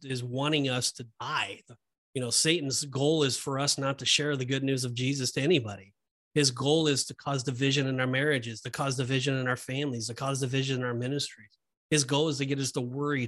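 Male co-host, earnest Bible discussion, mid-range voice, halting delivery with fillers. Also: medium pitch, fairly bright tone. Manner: earnest, preachy, with many fillers and restarts. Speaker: podcast co-host.

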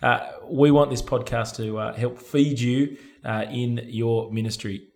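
A man's voice: mid-range voice, steady tone, measured pace. A man co-hosting a church ministry podcast, asking questions and reading the outro in a chatty, joking way. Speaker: podcast co-host.

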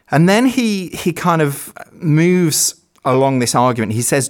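Guy cohosting a chatty podcast, wry and measured, reads stuff out with dry emphasis. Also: on the high side, lively intonation. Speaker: podcast co-host. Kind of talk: casual chat, reading aloud from an article.

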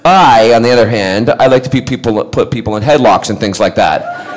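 A middle-aged man born in Scotland telling a convention anecdote, animated and acting out the other people's voices, laughing often. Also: mid-range voice, a little fast, a little hiss or hum. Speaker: actor telling convention stories. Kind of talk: casual convention panel anecdote.

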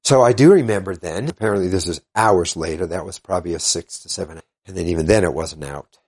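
An older man, a guest in an interview, earnestly retelling events in a halting way and quoting what others said. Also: low voice, a little mellow, slightly rough. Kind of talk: casual storytelling interview.

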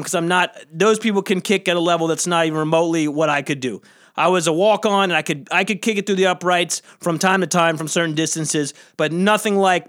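Fast-talking high-voiced male comedian. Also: a bit bright. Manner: rambling, emphatic, acts out quoted people. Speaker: comedian and podcast host. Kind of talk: solo podcast rant.

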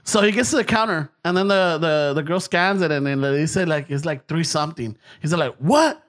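A man's voice: on the high side, a little fast, a bit bright. A young man telling a long story in casual chat, swearing a lot, switching between English and Spanish, and acting out the people in it. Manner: profane, switches between English and Spanish mid-sentence, acts out voices.

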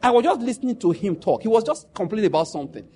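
A middle-aged Nigerian man with a Nigerian accent telling stories in a casual monologue, animated and laughing as he jumps into quoted pidgin. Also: high voice, very fast, slight background noise.

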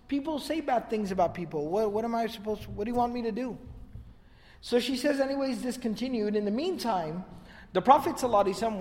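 A man tells history as a lecture in a high, earnest voice and hammers his points home by repeating phrases. He rattles off recited passages quickly, then translates them. A long reverb trails his words, as if he is in a large hall. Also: a little mellow. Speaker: Islamic history teacher.

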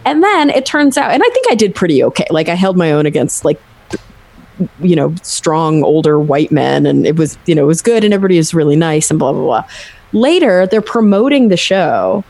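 Speaking a little fast in a low voice, this young podcast host chats casually and brings her stories to life by performing the characters' lines.

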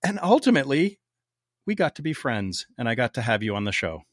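A man's voice: on the low side, lively intonation, fast, a bit bright, no echo, studio quality. A man hosting a medical podcast, upbeat and conversational. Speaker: podcast host.

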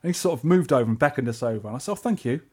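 A man with a London accent, co-hosting a podcast and telling a trip story in casual chat, animated and acting out the people he met. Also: mid-range voice, rapid-fire, slightly rough. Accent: English, London. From England. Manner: animated, acts out quoted voices. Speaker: podcast co-host.

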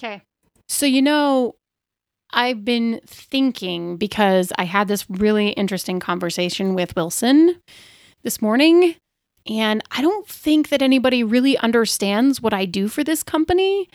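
A woman's voice: a little high, expressive, moderate pace, dry recording, clean studio sound. A woman hosting and playing an improvised tabletop role-play game, chatting with giggles and hesitant restarts. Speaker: podcast host and player.

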